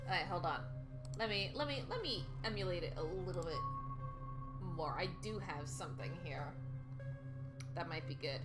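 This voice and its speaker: Chatty, lively woman streamer. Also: on the low side, moderate pace, long pauses, loud music behind the voice. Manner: chatty, giggly, reads game text aloud. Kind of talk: live game commentary and reading aloud.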